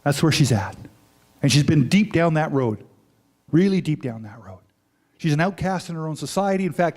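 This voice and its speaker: A man preaching a sermon, retelling a story in lively, paraphrased dialogue with frequent asides. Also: high voice. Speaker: pastor.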